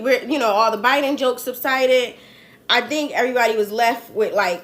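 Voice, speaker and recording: A woman's voice: a little high, moderate pace, fairly bright tone. A young adult woman with a New Jersey accent, hosting a casual political commentary livestream in a chatty, slangy, rambling way. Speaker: host.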